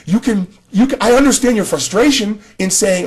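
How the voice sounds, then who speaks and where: A man's voice: high voice, normal speed, breathy edge. A man giving a casual spoken video response, talking straight to another creator with frequent restarts. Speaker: gaming commentator.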